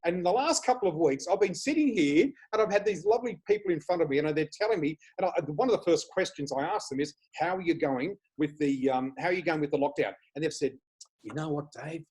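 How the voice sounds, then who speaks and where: An Australian man guesting on a video podcast, talking with lively, excitable enthusiasm about spiritual matters. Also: a little high, fast talker, hardly any pauses, breathy edge, rough recording. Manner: enthusiastic, excitable, laughs often. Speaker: flower reader guest. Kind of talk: casual spiritual chat.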